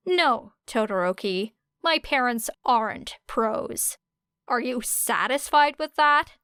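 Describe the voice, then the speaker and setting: A woman voicing a sharp-tongued, mocking teenage girl fighter in an audiobook reading, with a taunting, biting delivery. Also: a little high, animated, slow pace, clear, resonant tone, no echo, clean studio sound.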